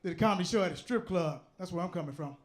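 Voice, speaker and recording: A man's voice: high-pitched, rapid-fire, faint music behind. A man performing a brash stand-up routine on a comedy club stage.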